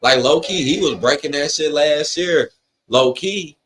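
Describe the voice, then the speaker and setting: A man's voice: on the high side, moderate pace, a bit bright. Blunt, slangy man hosting a live stream. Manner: slangy, blunt and opinionated, talks straight to chat. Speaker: host of a live wrestling watch-along stream. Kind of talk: casual live-stream chat, reacting to a broadcast and reading viewer comments.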